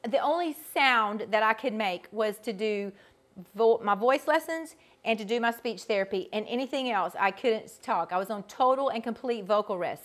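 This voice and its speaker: A middle-aged woman, a vocal coach, teaching a group in a chatty, animated way with frequent restarts. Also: fairly high pitch. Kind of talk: casual teaching talk to a group.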